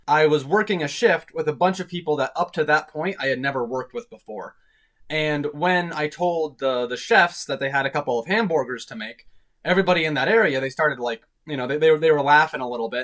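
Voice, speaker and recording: A man's voice: a little high, a bit bright. A young man talking casually to camera in a rambling, self-deprecating vlog monologue. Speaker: YouTube vlogger.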